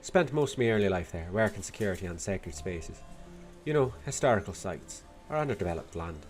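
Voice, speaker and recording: A man voicing a tough, blunt Irish woman in a video game, with a put-on Dublin accent carrying a Scottish lilt and a rough, salty way of talking. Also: low voice, expressive, brisk, faint music behind. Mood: storytelling. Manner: gruff, salty, rough-spoken.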